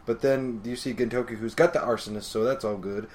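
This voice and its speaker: A man's voice: mid-range voice, fairly even intonation, brisk, darkish tone, a little hiss or hum. A man co-hosting a podcast in casual chat, recapping a story playfully with jokes. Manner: playful, joking. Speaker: podcast co-host.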